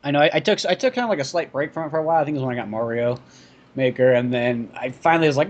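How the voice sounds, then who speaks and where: A man in a casual podcast chat who talks fast and in a middle pitch. He is eager and chatty about games. The audio is dull and lo-fi. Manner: fast, chatty, gamer talk. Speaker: podcast co-host.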